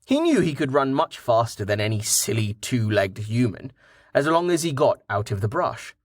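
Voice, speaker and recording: With a medium-pitched voice, a man gives a measured, expressive audiobook reading from a script. The studio sound is clean and free of echo.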